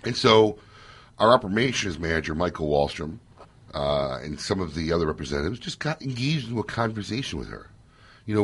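Man, radio host, very low voice, husky, lively pitch, joking storyteller, studio mic. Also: a little fast. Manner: animated storyteller, loose and joking. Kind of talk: casual radio talk show chat.

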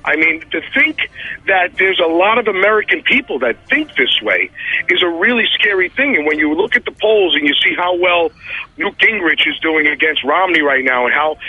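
A man calling into a radio show while pacing at a gas station, talking in heated, rambling bursts full of halting restarts. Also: fairly high pitch, breathy edge, dry recording, highs cut off. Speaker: radio segment contributor. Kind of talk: casual talk-radio commentary.

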